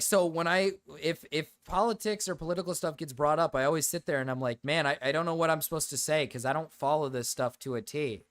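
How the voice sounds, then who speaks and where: A man's voice: a little high, a bit bright. A man hosting a livestream, chatting casually and reading chat questions, rambling and self-deprecating. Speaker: streamer host.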